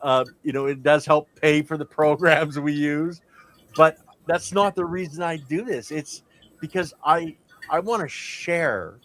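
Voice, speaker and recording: A laid-back man hosts a casual livestream chat. His voice sits a little high for a man, and he talks in loose, friendly bursts. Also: measured pace, a bit bright. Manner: laid-back, chatty, thanks guests and plugs the channel. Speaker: host.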